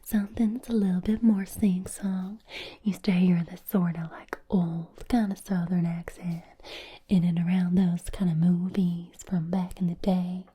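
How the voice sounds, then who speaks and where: A woman's voice: on the low side, flat delivery, unhurried, dark tone, breathy edge. A woman putting on a doting, sing-song Southern belle with an Alabama accent, in whispered role-play. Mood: doting, soothing. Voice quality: sing-song, affectionate pet names.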